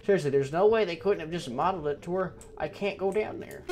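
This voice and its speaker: A man's voice: fairly high pitch, fast talker, few pauses, a little mellow, soft background music. Crude joking young guy playing a game. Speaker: gameplay commentator. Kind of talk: casual let's play commentary.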